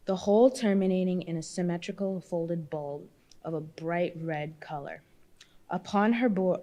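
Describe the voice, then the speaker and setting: A woman's voice: lowish voice, mellow. A woman reading a novel aloud at a public marathon reading, stumbling and restarting often. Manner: reads with frequent slips and restarts. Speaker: volunteer reader.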